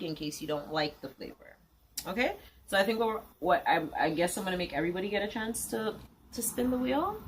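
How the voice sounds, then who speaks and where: A young woman hosting a casual challenge vlog at home with family, excitable and quick to shriek and laugh. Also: fairly low pitch. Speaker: vlogger host. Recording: noisy home video.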